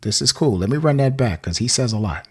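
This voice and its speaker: A man's voice: medium pitch, animated, quick pace, husky. A man from the American South hosting a music reaction video, chatting casually and rambling with lots of fillers and laughs. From Southern United States.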